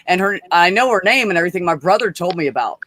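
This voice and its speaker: A man's voice: high voice, expressive, fast, sharp tone, a little hiss or hum. A man in casual chat, telling stories bluntly with plenty of swearing. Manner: blunt, profane storyteller.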